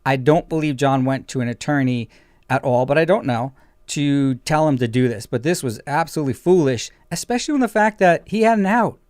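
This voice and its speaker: A man's voice: medium pitch, expressive, fairly quick, darkish tone, no echo, clean studio sound. A man hosting a legal commentary show as an attorney, explaining emphatically.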